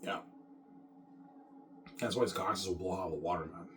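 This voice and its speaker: A man's voice: low-pitched, moderate pace, fairly bright tone, soft background music. A man in an off-the-cuff monologue, boastful and repetitive, often adding "man".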